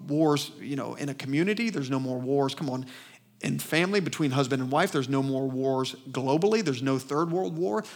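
A man with a Southern US accent preaching a sermon in a church, emphatic and fast-talking, calling out for responses from the congregation. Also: mid-range voice. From Southern United States. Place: church sanctuary.

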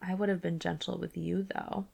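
Half-wild fae lord read by a woman, low and murmured, gravelly, unhurried. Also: flat delivery, full character voice. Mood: hushed menace. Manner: low, slow, hushed menace.

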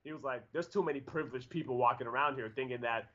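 A man's voice: mid-range voice, fast talker, a bit bright. A man in his forties telling a story in a casual chat, rambling with lots of fillers and restarts. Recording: dull lo-fi audio.

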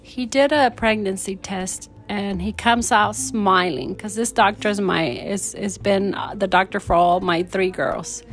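A woman's voice: medium pitch, a little slow, hardly any pauses. A woman in her forties fervently telling a personal faith testimony in an interview, acting out the voices in her story. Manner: fervent, animated storyteller who acts out quotes. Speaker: guest sharing her testimony.

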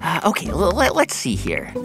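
A man's voice: fairly high pitch, wildly swooping pitch, normal speed, over music. A man hosting a comedic kids' science show, nerdy, eager and stammering. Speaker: host.

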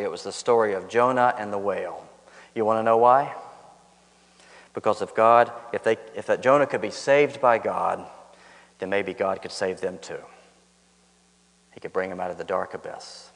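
A man's voice: fairly low pitch, creaky, big-room sound. A man preaching a sermon in a church, telling stories and driving home points by repeating key lines. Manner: storytelling, emphatic repetition, rises on punchlines. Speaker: pastor. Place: church sanctuary.

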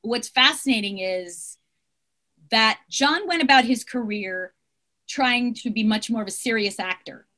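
A middle-aged woman, an actress guest, chatting casually over a video call, lively and full of fillers and restarts. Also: on the high side, measured pace. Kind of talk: casual interview chat.

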